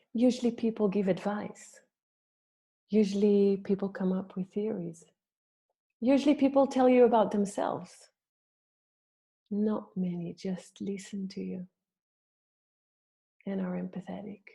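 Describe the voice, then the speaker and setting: Slow, gravelly woman storyteller. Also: medium pitch. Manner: gentle, reflective, slow-paced. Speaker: birth story practitioner. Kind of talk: storytelling talk.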